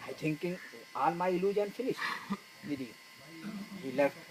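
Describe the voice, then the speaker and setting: A man's voice: a little high, expressive, moderate pace, background noise. A man, not a native English speaker, gives a spiritual talk in broken English, retelling a film story and quoting its characters to meditation students. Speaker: spiritual teacher. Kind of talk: spoken discourse to meditation students.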